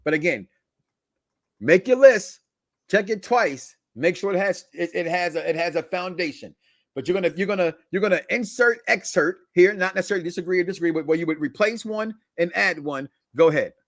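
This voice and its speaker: A man hosting a wrestling podcast in casual chat, emphatic and counting down his list with dramatic pauses. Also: high-pitched, expressive, no room sound. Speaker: podcast host.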